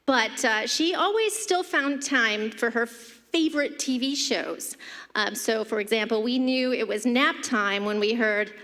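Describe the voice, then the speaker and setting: A woman's voice: fairly high pitch, a little slow. A middle-aged woman giving a humorous eulogy for her mother, telling family anecdotes with light laughter at a church podium. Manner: warm anecdotal delivery, laughing between stories. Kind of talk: humorous memorial storytelling. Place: church sanctuary. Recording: long church reverb.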